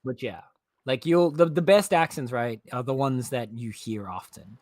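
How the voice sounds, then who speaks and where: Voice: mid-range voice, moderate pace, darkish tone, dry recording, clean studio sound. A friend chatting casually during a game stream, explaining points thoughtfully with frequent hedges. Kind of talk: casual chat while gaming.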